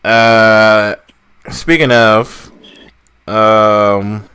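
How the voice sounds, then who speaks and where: A man co-hosting a casual wrestling podcast, talking in an animated, mocking way and swearing freely. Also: on the low side, drawn-out words, smooth. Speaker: podcast co-host.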